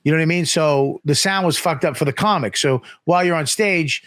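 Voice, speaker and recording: A man's voice: a little high, brisk, dry recording, studio quality. A man telling a casual, profane story, acting out the people he quotes. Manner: profane, animated, acts out quotes. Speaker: guest comedian.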